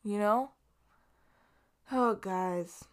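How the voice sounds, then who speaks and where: Alone on her podcast, a young Los Angeles woman chats in a loose, rambling monologue, cursing freely and frequently starting over. She speaks extremely slowly in a medium-pitched voice.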